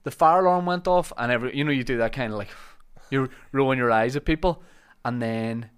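A male comedian tells a story on a podcast. He is animated and acts out the people in it. His pitch sits in the middle for a man. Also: brisk, clean tone. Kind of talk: casual chat.

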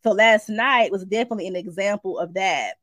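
An adult woman, sharing a dream in a casual spoken message, animated and informal, acting out the voices as she tells it. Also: mid-range voice, brisk, no room sound, lo-fi sound. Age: adult, married mother. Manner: animated storytelling, shifts into acted quotes, informal speech. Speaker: Christian speaker sharing a prophetic dream.

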